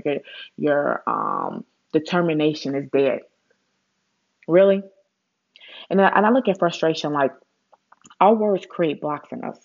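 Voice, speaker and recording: Motivational vlog monologue, blunt, rambling, profane, mid-pitched voice, muffled recording. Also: vocal fry. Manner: blunt, rambling, swears for emphasis; mocks complainers in a whiny voice. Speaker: vlogger.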